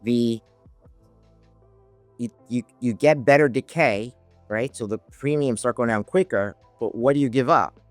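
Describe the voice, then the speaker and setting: This podcast guest, an options trader, speaks a little slowly at medium pitch and pauses often while rambling through a casual story. He restarts many times and acts out quoted dialogue. There's no echo, just soft background music.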